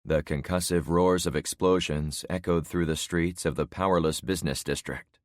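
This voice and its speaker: A man narrating a story in first person with a steady, measured reading, close to the mic. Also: sits low, no echo. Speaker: audiobook narrator.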